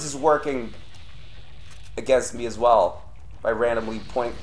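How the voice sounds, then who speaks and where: Young male streamer, unhurried delivery, profane and volatile: mutters, then erupts in yells. Faint background hiss. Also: mid-range voice. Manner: swears often, swings between grumbling and yelling. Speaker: streamer playing a horror game. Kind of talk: live gameplay commentary.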